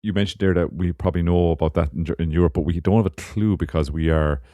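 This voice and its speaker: A man, a podcast co-host, chiming in with quick, jokey remarks and casual swearing. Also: sits low, mellow, dry recording. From Ireland. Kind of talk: casual chat.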